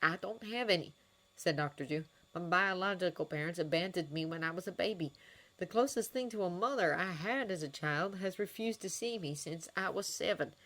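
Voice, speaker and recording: An earnest, wry male doctor who talks to a frightened boy with gentle teasing, as a woman reads him aloud. Her voice sits low for a woman and stays close to her own. It is an audiobook-style fan reading. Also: normal speed. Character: kind, wry adult male doctor and mentor.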